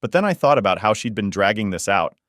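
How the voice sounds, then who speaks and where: Man, low voice, dry close sound, casual exasperated storytelling narration. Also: very animated, fast talker, fairly bright tone, dry recording. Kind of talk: first-person story narration.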